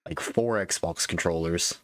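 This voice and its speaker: A man with a very low voice co-hosts a casual gaming podcast. He talks slowly and unhurriedly, stopping and restarting often and leaning on fillers. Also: a bit bright. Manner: laid-back, halting with fillers and restarts. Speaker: podcast co-host.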